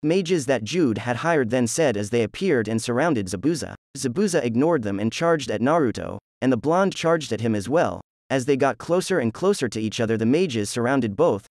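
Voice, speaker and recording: A man narrates a fan story in a plain, even reading. His voice sits at an ordinary middle pitch, and the sound is dry and close to the mic. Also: normal speed, hardly any pauses, dry recording.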